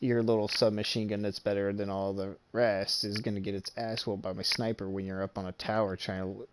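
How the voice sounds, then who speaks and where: A young man, a gaming streamer, telling a long story in casual chat, swearing freely and laughing often as he gets animated. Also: fairly low pitch, brisk, slight background noise.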